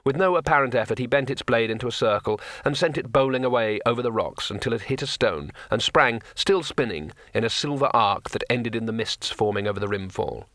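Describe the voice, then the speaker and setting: A man narrating an audiobook in a steady storytelling manner. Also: mid-range voice, fairly quick, few pauses, no echo, studio quality. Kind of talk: scripted narration.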